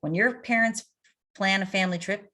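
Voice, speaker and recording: A middle-aged woman coach answering interview questions in an animated way, telling anecdotes. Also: medium pitch, normal speed. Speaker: addiction coach.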